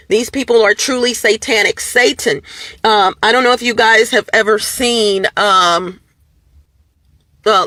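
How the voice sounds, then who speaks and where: Speaking to her viewers as "you guys," a woman vlogger chats in a medium-pitched, slightly bright voice with no room sound. Her tone is casual and animated, moving up and down, and she fills her talk with fillers and restarts.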